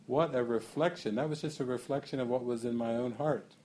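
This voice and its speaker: A man giving a spiritual talk to a gathering. He muses aloud, asks questions, laughs often, and slows down on key phrases. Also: medium pitch, steady tone, warm tone, a little hiss or hum. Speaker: spiritual teacher.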